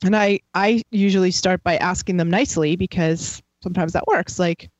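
A woman's voice: fairly low pitch, normal speed, a little mellow, no room sound. A woman who teaches psychic students, talking in a chatty, rambling way with many fillers. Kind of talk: casual conversation. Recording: dry, slightly dull sound.

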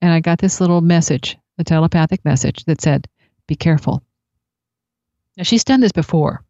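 A woman tells a personal story in a reflective, unhurried way. Her voice sits low and mellow. The recording is dry and slightly dull. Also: no echo. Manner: reflective, unhurried anecdotal telling. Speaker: speaker sharing spiritual experiences.

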